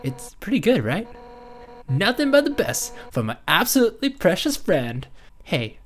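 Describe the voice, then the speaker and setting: A woman voicing a brash, hot-headed fish warrior woman who heads the guard, in a loud, boisterous manner. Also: on the low side, very animated, moderate pace, slight background noise, voice pushed up. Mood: gruff, friendly. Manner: loud, boisterous, bursts of shouting. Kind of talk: reading game dialogue aloud in a let's play.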